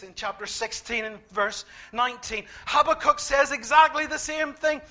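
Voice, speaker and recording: A man preaching a sermon, emphatic, repeating key phrases and swinging between quiet, slow lines and loud ones. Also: extremely high pitch, creaky.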